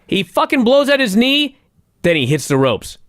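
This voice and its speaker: Ranting, sarcastic man, lively pitch. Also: normal speed, no room sound, studio quality. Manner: ranting, sarcastic, swears a lot. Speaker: podcast co-host. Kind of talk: casual profane wrestling review chat.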